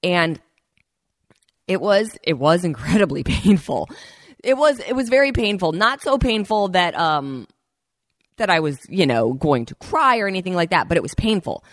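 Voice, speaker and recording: A woman with a lowish, very animated voice speaks at normal speed in a studio-quality recording without echo. Hosting her podcast, she tells a personal story casually and chats straight to listeners, calling them "you guys".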